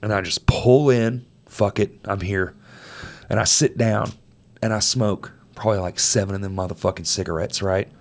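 Man, casual chat, profane emphatic storytelling, quiet low stretches. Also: fairly even intonation, brisk, vocal fry. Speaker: storyteller in conversation.

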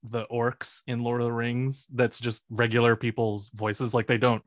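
A man's voice: medium pitch, little pitch movement, moderate pace, dry recording. A man hosting a podcast, chatting casually and joking with friends, laughing often. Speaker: podcast host. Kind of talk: casual chat.

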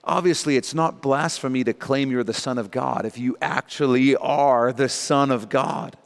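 A man's voice: mid-range voice, moderate pace, gravelly, long reverb tail. A man preaching a verse-by-verse sermon, emphatic and dropping in casual asides. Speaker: pastor. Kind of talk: sermon teaching through scripture.

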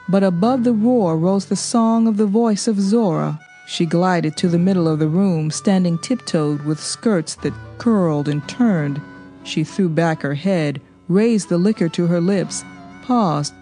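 A woman reads a novel aloud in a mellow, fairly low voice, steady and measured as she carries the story. Soft music hums faintly behind her narration. Her delivery stays even and unhurried. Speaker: audiobook narrator. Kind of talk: scripted narration.

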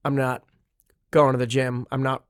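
Hoarse man hosting a podcast. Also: medium pitch, level tone, normal speed, no echo, studio quality. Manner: rambling, self-deprecating. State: hoarse from a cold. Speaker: podcast host. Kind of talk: casual podcast chat.

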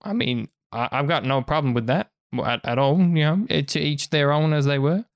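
A man's voice: fairly high pitch, normal speed, dry recording, clean studio sound, voice pushed up, lightly acted. A man voicing an eager male clothing merchant with pushy sales patter. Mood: flattering.

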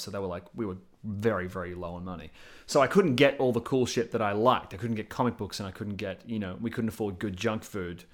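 A man in his thirties, a podcast guest, chatting casually with rambling, profane, animated storytelling. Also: lowish voice. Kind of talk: casual chat.

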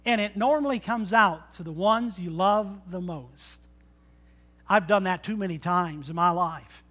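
A middle-aged male pastor preaching a sermon in a church, joking and swinging between loud bursts and quiet asides. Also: high voice, a little slow. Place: church sanctuary.

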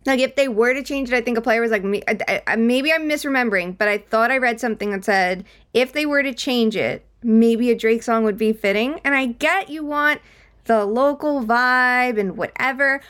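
A woman's voice: on the high side, normal speed, fairly bright tone. A woman co-hosting a sports podcast who rants emphatically and swears freely. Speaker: podcast co-host. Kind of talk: casual chat.

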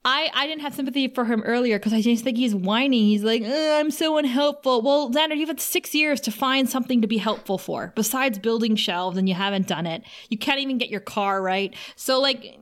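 Female podcast co-host, slightly high voice, giggly and opinionated recapper. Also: brisk, few pauses. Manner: opinionated, giggly, reads quotes aloud. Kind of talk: casual TV recap chat.

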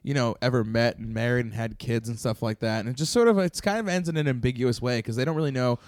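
A man's voice: mid-range voice, quick pace, dry recording, clean studio sound. Wry young man co-hosting a comedy podcast. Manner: wry, deadpan jokes. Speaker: podcast co-host. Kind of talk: casual comedy chat.

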